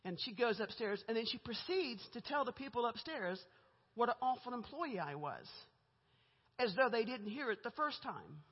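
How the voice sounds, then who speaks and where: In a muffled, echoey recording from a church sanctuary, a middle-aged woman gives a guest testimony about her life. Her voice is fairly high, expressive and breathy at the edges, delivered at normal speed. She keeps it chatty and candid, laughing between lines as she tells her story conversationally.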